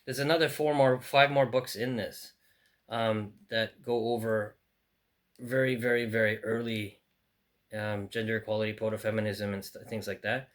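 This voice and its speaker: A man's voice: on the low side, little pitch movement, normal speed. A man talking casually as he unboxes and shows old books, thinking aloud with many fillers and restarts. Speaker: book collector. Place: in France.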